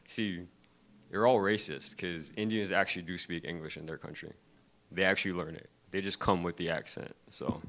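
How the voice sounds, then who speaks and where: A man's voice: deep voice, steady tone, normal speed, fairly bright tone. A young man doing a loose, crowd-baiting stand-up set on a comedy club stage, laughing between his lines. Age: young adult.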